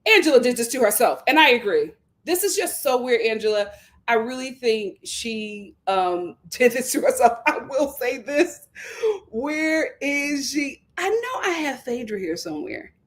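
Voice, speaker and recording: A woman, giving an animated, gossipy live review of reality TV. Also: a little high, a little slow. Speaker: show reviewer.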